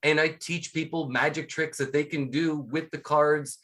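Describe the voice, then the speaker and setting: A middle-aged man, a guest scuba instructor and magician, chatting casually in an interview and telling lively stories, acting out quotes as he goes. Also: on the high side, moderate pace. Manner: lively storyteller, acts out quotes.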